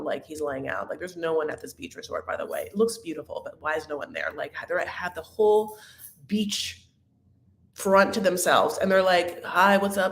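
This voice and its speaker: A woman recapping a reality show in a catty, dramatic, gossipy manner, with sudden loud outbursts. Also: sits low, reverberant. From Arab-American. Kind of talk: casual recap chat.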